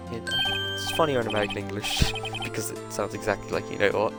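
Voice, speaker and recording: A man's voice: fairly low pitch, fairly quick. Chuckling man making gameplay asides. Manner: chuckling, self-deprecating. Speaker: gamer voicing a playthrough. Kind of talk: casual asides during gameplay. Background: loud game music.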